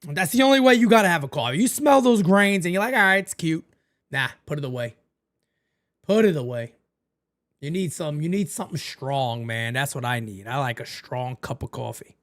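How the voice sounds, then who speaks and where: Animated man calling a game live. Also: normal speed. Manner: animated, jumps into high excited calls then drops low and quiet. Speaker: live stream host calling a baseball game. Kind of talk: casual live-stream play-by-play and chat.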